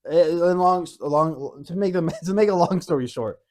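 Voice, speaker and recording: A man co-hosting a casual podcast, telling a lively story with many fillers and frequent laughs. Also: a little high, moderate pace. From Arizona. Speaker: podcast co-host. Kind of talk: casual chat.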